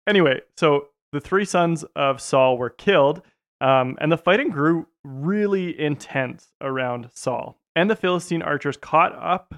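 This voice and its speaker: Canadian man, slightly higher voice, joking podcast co-host, casual retelling of a bible story. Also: animated, measured pace. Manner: jokey, overthinking, laughs often.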